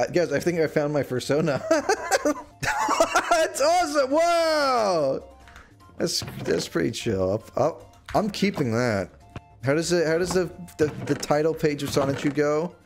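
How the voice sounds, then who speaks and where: Young guy streaming games, kinda high voice, rambles then yells in fake outrage, desk mic. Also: normal speed, faint music behind. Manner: rambling, jumps into mock-outraged high shouts. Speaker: livestreamer. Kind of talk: casual gaming livestream chat. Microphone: desk microphone.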